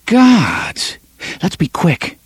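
A man's voice: fairly high pitch, wildly swooping pitch, extremely slow, slightly rough, dry recording, voice pushed up, exaggerated voice. A man voicing an impatient, tense young man in a storybook reading.

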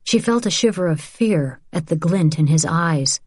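A woman with a notably low voice reads an audiobook. Her narration is measured and even. The recording is dry and close, with no room sound. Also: breathy edge, no room sound. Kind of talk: scripted narration.

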